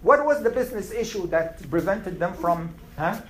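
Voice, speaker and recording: A man's voice: sits high, lively intonation, normal speed, echoey room, rough recording. A man teaching a class, asking questions and summarizing points in numbered lists. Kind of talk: classroom Q&A lesson.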